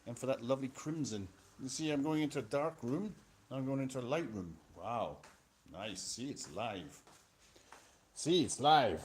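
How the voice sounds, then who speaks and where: A man's voice: mid-range voice, lively intonation, normal speed, a little hiss or hum. A man rambling through a live stream monologue in a sweary, self-mocking way, talking close into a phone. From Scotland. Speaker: vlogger. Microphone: phone held close to the mouth.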